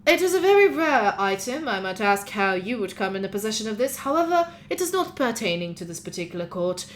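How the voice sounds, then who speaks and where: A woman's voice: mid-range voice, very animated, brisk, slight background noise, lightly acted. A woman voicing a droning male professor who heads a magic academy, lecturing at length.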